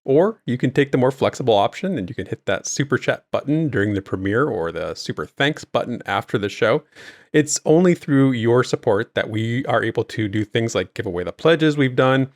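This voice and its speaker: A man co-hosting a podcast over a remote call in casual chat, upbeat and quick to laugh, with a groggy morning voice. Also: mid-range voice, animated. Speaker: podcast co-host.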